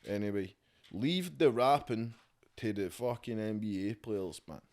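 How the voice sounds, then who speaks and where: A man's voice: on the low side, measured pace, darkish tone. Rambling, sweary Scottish man. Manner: loose, swearing-heavy, rambling. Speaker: podcast guest, rapper. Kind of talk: casual chat. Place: a home.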